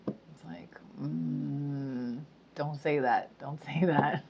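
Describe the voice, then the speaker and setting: Low-voiced woman rambling slow and chatty, giggles a lot, kinda muffled lo-fi audio. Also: fairly even intonation, gravelly, a little mellow. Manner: chatty, giggly, many fillers. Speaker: spiritual speaker. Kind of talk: casual monologue to camera. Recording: dull lo-fi sound.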